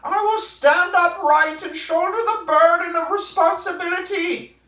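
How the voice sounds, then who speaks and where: A man's voice: extremely high pitch, fairly even intonation, a little slow, sharp tone, voice pushed up, heavily acted. A man doing a lofty, solemn lecturer voice. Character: impression of a stern male self-help lecturer. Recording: roomy, from a distance.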